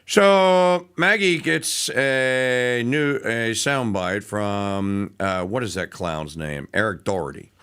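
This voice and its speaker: A man hosting a talk radio show, talking in an animated, mocking way and breaking into voices. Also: on the low side, takes it slowly, few pauses, smooth. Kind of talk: opinionated talk radio monologue.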